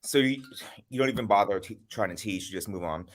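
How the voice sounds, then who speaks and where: A man hosting a casual livestream chat, telling stories in an animated way. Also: lowish voice, fast talker. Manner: animated storyteller. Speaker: host.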